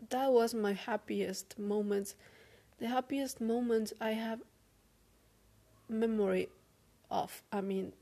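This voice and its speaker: Slow, weary woman venting frankly. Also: fairly high pitch, dark tone. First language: not English. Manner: weary, frank, halting, swears often. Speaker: vlogger. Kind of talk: personal confessional vlog.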